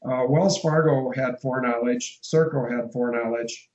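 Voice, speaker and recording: A man's voice: medium pitch, steady tone, moderate pace, a little mellow, roomy sound, muffled recording. A man giving a discursive, emphatic interview, spelling out letters and numbers as he explains. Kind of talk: phone-in radio interview.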